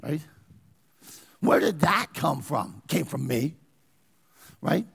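A man's voice: fairly high pitch, animated, measured pace, creaky, pauses often, a bit bright, slightly rough, big-room sound. A man preaching a sermon as pastor, asking his congregation questions and pressing his points. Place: church.

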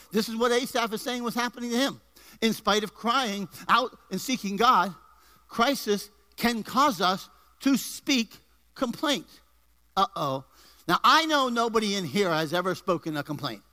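Energetic high-voiced preaching man. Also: moderate pace. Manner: energetic preaching with rising emphasis and jokes to the congregation. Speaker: pastor. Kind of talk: sermon. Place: church before a congregation.

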